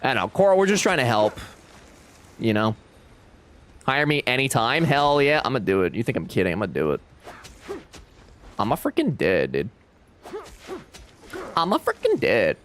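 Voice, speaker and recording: A man's voice: medium pitch, wildly swooping pitch, normal speed, long pauses, a bit bright, slight background noise. Playful man teasing his chat. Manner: playful, teasing, jokey banter. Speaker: streamer. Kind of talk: casual live-stream chat with viewers.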